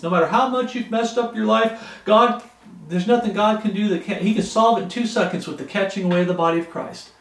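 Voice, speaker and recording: A man's voice: high voice, a little fast, reverberant. A man preaching a sermon with an earnest, pleading delivery.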